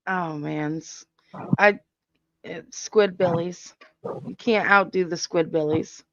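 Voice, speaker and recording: Slow, laughing woman hosting a stream. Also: lowish voice, steady tone, a bit bright, no echo, muffled recording. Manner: laughs often, chatty. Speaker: livestream host. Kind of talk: casual chat.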